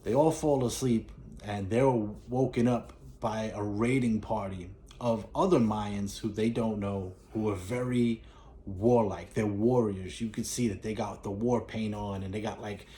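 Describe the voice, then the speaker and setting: A man's voice: lowish voice, steady tone, measured pace, warm tone. A man casually retelling a film plot, rambling with fillers and restarts as he goes. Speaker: movie reviewer. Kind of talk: casual movie recap.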